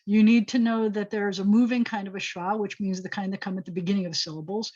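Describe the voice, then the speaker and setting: A woman's voice: mid-range voice, steady tone, fast, a little mellow, highs cut off. A woman rabbi teaching a Hebrew class online, explaining step by step in a chatty way and thinking aloud as she goes. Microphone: video call.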